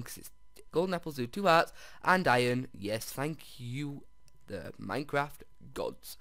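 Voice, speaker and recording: Excitable guy doing gameplay commentary, talks to his viewers, smooth voice, voice bounces all over, dry sound. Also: mid-range voice, measured pace, dry recording. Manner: excitable, jumps to squeals over finds. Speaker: video game player. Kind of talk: let's-play gaming commentary.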